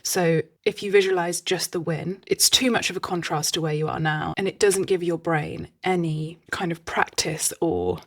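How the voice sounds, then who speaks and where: A woman's voice: fairly low pitch, lively intonation, normal speed, few pauses. A woman hosting a solo podcast, talking casually in a chatty, self-deprecating way with rambling asides. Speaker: podcast host.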